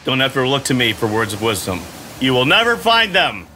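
Middle-aged guy griping at a video game, swears a lot, bright voice that jumps all over. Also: mid-range voice, very animated, a little fast, slight background noise. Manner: grumbling, cursing, self-mocking. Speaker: gamer playing for the camera. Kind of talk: casual gameplay commentary.

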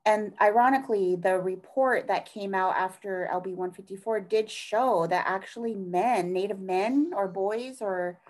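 A woman's voice: medium pitch, a little slow, hardly any pauses, darkish tone, rough recording. A middle-aged woman speaking as an interview guest in an earnest, rambling way, often trailing off and restarting her thoughts. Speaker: interview guest, task force advocate. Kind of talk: conversational interview.

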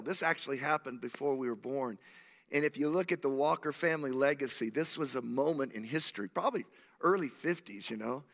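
A man in his sixties, a pastor, preaching a sermon and telling stories in an animated, emphatic way. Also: on the high side, gravelly. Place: church sanctuary. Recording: long church hall reverb.

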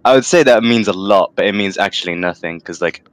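A tournament caster from London speaks briskly in a low voice, with no room sound. He delivers casual game commentary in a rambling, jokey style, laughing often.

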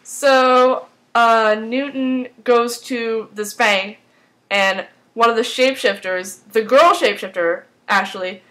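A woman casually recapping a TV episode, rambling and excitable, filling her talk with "like". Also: a little high, slow, poor audio. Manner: rambling and excitable, heavy use of "like".

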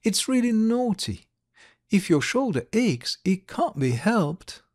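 A man's voice: high voice, big pitch swings, slow, a little mellow, voice pushed up, exaggerated voice. A man reading a stern young woman who coolly scolds a crying child. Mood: scolding. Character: stern young woman, thin and sharp-faced.

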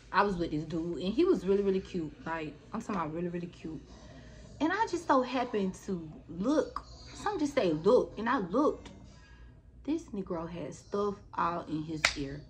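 A woman vlogger with a fairly high, fairly bright voice tells a story casually and bluntly. She swears plenty and talks straight to her viewers.

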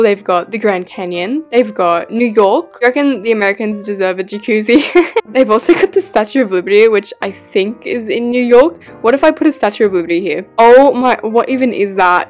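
Chatty young Australian woman gaming vlogger. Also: medium pitch. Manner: chatty and excitable, with gasps. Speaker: gaming YouTuber. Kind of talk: casual commentary while building in a game.

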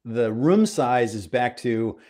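A man chatting as a guest about amps from his living room over a video call, explaining things clearly and playfully. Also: medium pitch, expressive, slow, a little mellow. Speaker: guest amp expert. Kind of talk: casual chat on a live video call. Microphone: video call microphone.

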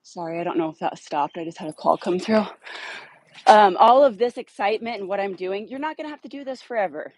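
Blunt, husky-voiced woman dog trainer. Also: mid-range voice, expressive, a little fast, a little mellow, dry recording, rough recording. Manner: direct, blunt coaching with upbeat praise to dogs. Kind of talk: outdoor training demo and explanation. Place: outdoors in a yard.

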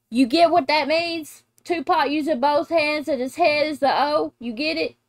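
A middle-aged mother hosting a casual reaction video, blunt and animated and quick to laugh. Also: sits high, no echo, clean studio sound. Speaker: reaction channel host, mother.

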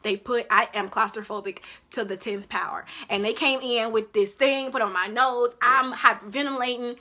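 A woman vlogger recounting a personal story with an emotional, animated delivery. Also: on the high side, moderate pace. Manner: animated, reliving events in a rising voice. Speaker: vlogger recounting her childbirth.

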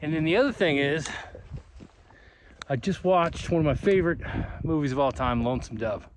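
A man's voice: fairly high pitch, normal speed, a little hiss or hum. A man narrating a casual hiking vlog outdoors on a mountain trail, rambling and chatty, talking into a handheld camera. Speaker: hiking vlogger.

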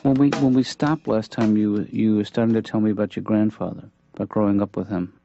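An actor playing a weary middle-aged therapist father who replies in a dry, deadpan way. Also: lowish voice, a little fast, gravelly, over music. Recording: dull lo-fi cartoon soundtrack.

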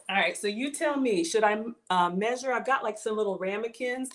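A woman's voice: medium pitch, fairly bright tone. A young woman from Georgia hosts a cooking livestream. She is bubbly and teacherly, walks viewers through each step and greets the chat. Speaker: cooking show host.

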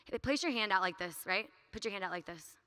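A woman giving an earnest, energetic talk at a youth conference, speaking quickly and casually with frequent "like" and "right?". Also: mid-range voice.

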